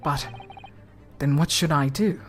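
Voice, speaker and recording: A woman's voice: low voice, slow pace, over music, voice pushed down. A woman reading as an anxious young man on trial. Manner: anxious and pleading. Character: anxious young male defendant, earnest. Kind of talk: reading game dialogue aloud.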